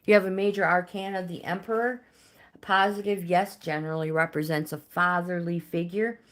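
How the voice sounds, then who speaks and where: Woman, lowish voice, chatty live-stream tarot reader who talks to her viewers. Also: steady tone, moderate pace, fairly bright tone. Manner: chatty, talks to viewers by name, reads card meanings. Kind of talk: casual live-stream card reading.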